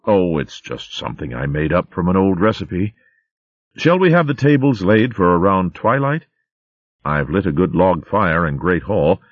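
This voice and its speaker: A man's voice: low-pitched, expressive, normal speed, dry recording, lo-fi sound. A man voicing a kindly abbot of a woodland abbey, mild and fatherly in his speech. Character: kindly old abbot mouse, gentle host.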